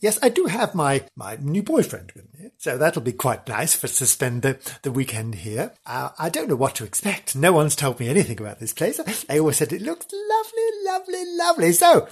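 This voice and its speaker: A flustered, fussy middle-aged woman, as a man puts her on, squeals over her lovely room and then frets about the noises around her. Her voice jumps up high and lurches all over the place, with a husky edge. She is a comedy podcast character. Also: fairly quick, hardly any pauses, heavily acted. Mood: gushing. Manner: fussy, excitable, exclaiming in trills.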